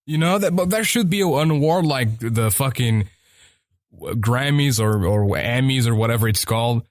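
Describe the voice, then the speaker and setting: A man's voice: medium pitch, normal speed, no echo, clean studio sound. A man hosting a podcast in casual chat, rambling and swearing freely as he rants. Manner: rambling and profane. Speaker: podcast host.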